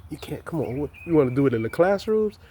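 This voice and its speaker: Man on camera, impassioned profane rant, darker mellow tone, lots of repeats and restarts. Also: a little high, very animated, quick pace, slight background noise. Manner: heated, repetitive, stammers and restarts. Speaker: vlogger.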